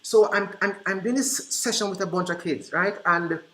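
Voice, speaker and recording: A man presenting to early childhood teachers, telling classroom stories in an animated way and acting out the dialogue. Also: sits high, normal speed, slight background noise. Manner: animated, acts out quoted dialogue. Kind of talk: storytelling presentation. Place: conference room. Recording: roomy echo.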